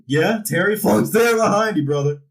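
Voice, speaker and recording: A man's voice: high voice, normal speed, far from the mic, poor audio. A man casually recapping a wrestling show, jokingly acting out the wrestlers' lines. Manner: animated, jokey, acts out wrestlers' lines. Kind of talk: casual recap with comic impressions.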